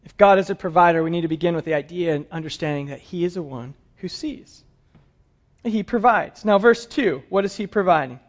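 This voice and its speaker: A man's voice: fairly high pitch, moderate pace. A man preaching a conversational sermon to his congregation, with light humor. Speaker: pastor. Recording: dull lo-fi sound.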